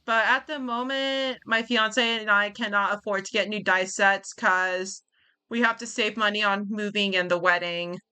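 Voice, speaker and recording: A woman's voice: medium pitch, fairly even intonation, moderate pace, pushed and bright, smooth. A woman in her twenties chatting as she streams a game, rambling with lots of fillers. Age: 20s. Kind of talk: let's-play commentary and chat.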